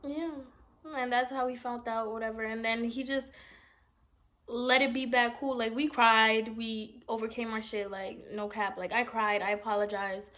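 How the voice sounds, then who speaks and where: A woman's voice: on the high side, level tone, normal speed, fairly bright tone. A woman, telling a long personal story in a blunt, rambling, profane storytime vlog. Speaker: vlogger.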